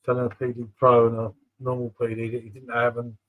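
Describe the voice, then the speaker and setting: A man's voice: medium pitch, completely flat delivery, fast talker, narrow, tinny audio. A man, hosting a casual livestream chat over beers and talking in a laid-back, matey way. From England. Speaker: livestream host.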